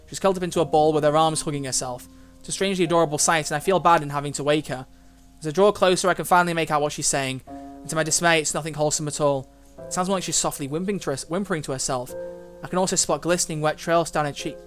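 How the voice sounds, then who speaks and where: A young man with a fairly high voice talks fast as he hosts a let's play, reading a visual novel aloud. He reacts in a chatty, fretful way while soft game music plays behind him.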